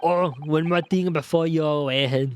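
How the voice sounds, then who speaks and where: A man's voice: a little high, steady tone, moderate pace, slight background noise, close to an everyday voice. A man voicing a genial male prison governor in a video game, hearty and chatty.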